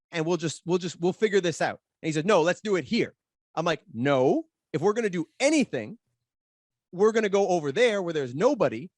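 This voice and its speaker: Fast-talking man in an animated retelling. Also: sits high, no echo, clean studio sound. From Canada. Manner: rapid, repeats words while acting out quoted arguments. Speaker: podcast guest, pro wrestler. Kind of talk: animated storytelling in a conversation.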